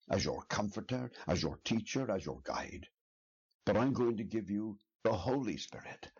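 A man's voice: lowish voice, husky. A man preaching an expository sermon in an earnest, emphatic way, building his points with repeated questions. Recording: dull lo-fi sermon recording.

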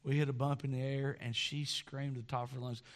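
A middle-aged man preaching a sermon, telling a folksy story in an animated way. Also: mid-range voice, a little fast. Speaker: pastor.

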